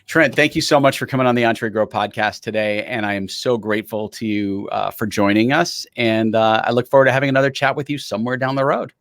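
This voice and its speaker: A man's voice: medium pitch, steady tone, a bit bright, no echo. Casual podcast host guy, storytelling, dry close mic, mid voice. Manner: chatty, anecdotal, quick to laugh. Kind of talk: casual interview chat.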